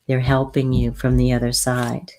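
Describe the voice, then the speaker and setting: A woman hosting a live spiritual advice chat and reading oracle cards. She talks gently and soothingly, halting often and repeating herself as she goes. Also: rumbling low, completely flat delivery. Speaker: host and spiritual healer.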